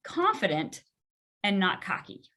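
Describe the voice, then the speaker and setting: Bright-voiced woman telling a candid story. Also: medium pitch, unhurried. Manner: animated, self-deprecating, laughs often. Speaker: podcast guest, podiatrist.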